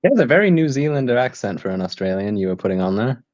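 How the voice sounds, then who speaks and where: A man's voice: mid-range voice, big pitch swings, fast, a little mellow, dry recording, dull audio. A man in casual conversation, wry and teasing, asking pointed questions. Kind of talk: casual chat.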